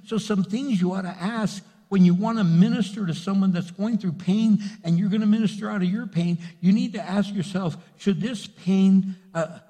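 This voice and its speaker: A man's voice: high-pitched, mellow, breathy edge. A pastor giving an earnest sermon, speaking directly to his congregation and repeating his points for emphasis. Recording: long hall reverb.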